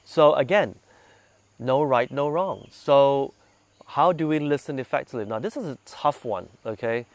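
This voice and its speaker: A man leading a meditation group, talking gently and conversationally and putting questions to his listeners, a little congested from sinus trouble. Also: medium pitch, normal speed, no room sound. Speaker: meditation guide. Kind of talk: relaxed talk to a meditation group.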